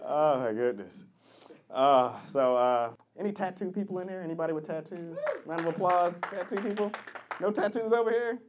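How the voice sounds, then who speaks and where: A man hosting a comedy show and doing crowd work, teasing the audience loudly and playfully. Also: on the high side, normal speed. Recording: live club with crowd and noise.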